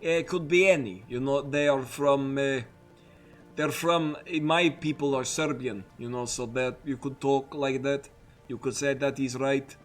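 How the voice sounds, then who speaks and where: A man voicing a gruff Slavic man with a Slavic accent, slow and deadpan. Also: medium pitch, soft background music, close to an everyday voice. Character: gruff Slavic man calling someone comrade.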